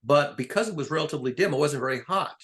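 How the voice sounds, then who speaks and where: A man's voice: on the high side, animated, fast talker, fairly bright tone. Rambling older man in casual chat. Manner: rambling, digressive, chuckles often. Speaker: conversation partner.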